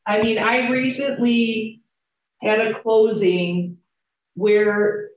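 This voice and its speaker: A slightly high-voiced woman speaks extremely slowly as she teaches real estate agents in a training room, frank and chatty, trading stories and asking the class questions. The classroom recording is roomy, distant and dull.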